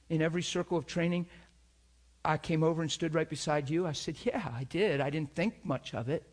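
A man preaching a sermon, telling a personal story and acting out the dialogue with lively, shifting energy. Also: a little fast. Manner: animated storyteller acting out dialogue, pitch jumping up when excited. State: crying while retelling.

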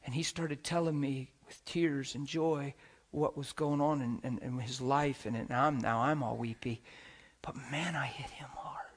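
A man preaching a sermon, telling stories with animated swings from shouts to hushed whispers and laughing as he talks. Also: medium pitch, normal speed, hardly any pauses. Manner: laughs while talking.

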